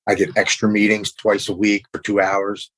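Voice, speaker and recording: A middle-aged man speaks in a somewhat low voice as a podcast guest. He tells his personal recovery story candidly and with feeling, and he often says "man" as he goes. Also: monotone, normal speed, fairly bright tone, poor audio.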